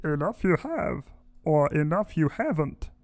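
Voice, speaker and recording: A man's voice: a little high, big pitch swings, a little slow, dry recording, pitched above the performer's own voice. A man doing Yoda with a German accent. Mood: playful. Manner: inverted word order, giggling. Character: small wise old alien master, speaking backwards with a German accent. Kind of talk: casual podcast impression.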